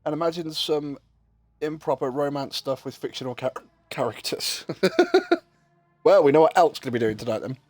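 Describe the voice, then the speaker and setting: A man chats while he streams a game, rambling and swearing casually as the hiccups keep bothering him. His voice sits a little high. It sounds dry and close, with faint music underneath. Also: moderate pace, pauses often, a little mellow, dry recording. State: has the hiccups. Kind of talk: casual livestream chat while gaming.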